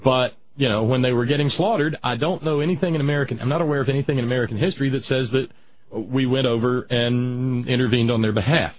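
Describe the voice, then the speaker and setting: A husky male talk host rambles through politics with many restarts and fillers, reading chat comments aloud. The sound is dull and muffled, like a radio show. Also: mid-range voice, steady tone, fast talker.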